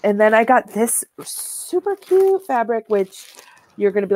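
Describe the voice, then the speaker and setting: A woman's voice: a little high, sing-song, measured pace, darkish tone. A woman co-hosting a knitting show, chatting casually and showing yarn and fabric to the camera, rambling with many "like"s and "um"s.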